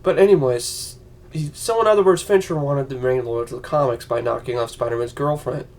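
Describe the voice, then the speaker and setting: A man's voice: mid-range voice, a little fast, a little mellow. A man ranting on a vlog, profane and heated, slipping into mocking voices. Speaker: vlogger.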